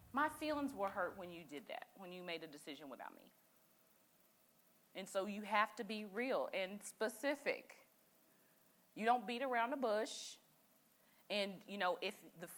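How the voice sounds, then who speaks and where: A woman leads a church group discussion with a bright, ringing voice. Her pitch swings widely as she encourages the group and speaks plainly and directly. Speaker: session leader. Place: church meeting room.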